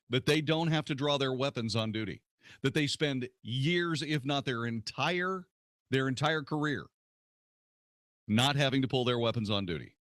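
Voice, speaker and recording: A man's voice: mid-range voice, a bit bright, dry recording. A man hosting a talk radio show, blunt and sarcastic, delivering opinions into a studio microphone. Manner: blunt, sarcastic, mocking voices in quotes.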